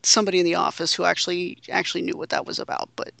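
A woman's voice: fairly low pitch, little pitch movement, very fast, vocal fry, a bit bright, no room sound. A woman co-hosting a casual wrestling podcast, wry and teasing. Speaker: podcast co-host.

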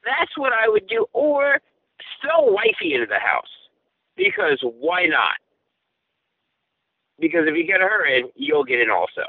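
High, swooping man on a tinny line. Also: sing-song, a little slow, pauses often, slightly rough, no echo. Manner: theatrical, sweeping pitch swings. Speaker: podcast co-host answering listener letters. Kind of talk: playful advice-column reading. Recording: dry, phone-like narrow sound.

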